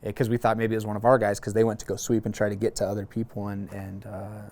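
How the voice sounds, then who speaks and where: A man in his thirties, a former Marine, calmly telling a long personal story in a casual interview, with frequent fillers and restarts. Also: lowish voice, vocal fry. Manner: relaxed, halting, many fillers and restarts.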